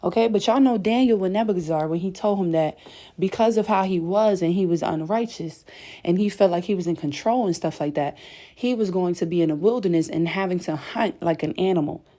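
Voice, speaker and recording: A woman preaches to her viewers with a mellow, dark tone. She is emphatic and a bit breathless from pacing as she talks. She keeps checking in with the listener through "okay?" and "y'all". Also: lowish voice, fairly quick. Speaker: spiritual content creator. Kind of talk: impassioned spiritual message to viewers. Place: indoors at home, late at night.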